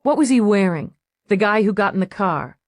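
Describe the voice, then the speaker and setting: A woman's voice: medium pitch, animated, normal speed, dry recording, studio quality, close to an everyday voice. A woman voicing a terse, hard-pressing cop. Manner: clipped, pressing questions. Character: tough, terse female police lieutenant. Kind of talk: audiobook character voice.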